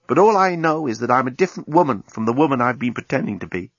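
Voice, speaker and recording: A man voicing a thoughtful young woman who speaks in a reflective, measured way. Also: mid-range voice, lively intonation, no echo, highs cut off. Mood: resolute.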